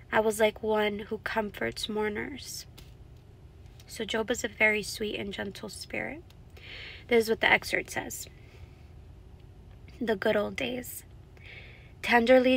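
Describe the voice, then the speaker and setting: A woman's voice: mid-range voice, vocal fry, a bit bright, a little hiss or hum. A woman vlogger reading scripture aloud to her camera and reflecting on it in an earnest, heartfelt way. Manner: earnest, heartfelt, openly emotional. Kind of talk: scripture reading with personal commentary. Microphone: self-recorded on camera.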